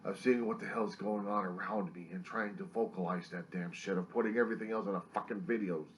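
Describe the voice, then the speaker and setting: A man ranting in a personal video diary, distressed, bitter and profane, swinging between loud outbursts and near-whispers. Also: low voice, steady tone, brisk, a little hiss or hum. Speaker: video diarist.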